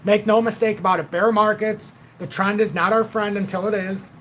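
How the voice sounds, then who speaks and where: A man's voice: sits high, fairly even intonation, normal speed, fairly bright tone, a little hiss or hum. Blunt, rambling man in his forties. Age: 40s. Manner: rambling, blunt, swears freely. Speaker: livestream host. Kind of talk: casual livestream chat.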